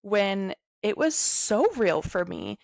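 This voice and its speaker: Creaky-voiced woman telling her story. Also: mid-range voice, very animated, slow, no room sound, studio quality. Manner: talks with frequent "like" fillers, soft and earnest. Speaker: podcast guest sharing her story. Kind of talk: candid personal storytelling.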